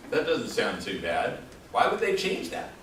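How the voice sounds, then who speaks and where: A man's voice: fairly low pitch, sing-song, moderate pace, fairly bright tone, far from the mic, slight background noise. A man lecturing a class in a casual, joking way, throwing questions out to the students. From El Paso, Texas. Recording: echoey classroom taped from afar.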